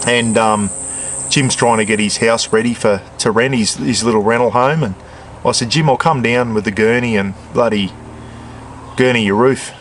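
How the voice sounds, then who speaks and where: A retired Australian bloke in his sixties chats away while he cooks on an outdoor camp stove. His talk rambles and wanders in an easygoing way, with "bloody" dropped all through it. His voice sits at an ordinary middle pitch, and faint outdoor noise hums behind him. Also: steady tone, normal speed. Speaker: cooking vlogger. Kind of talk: casual outdoor camp cooking chat.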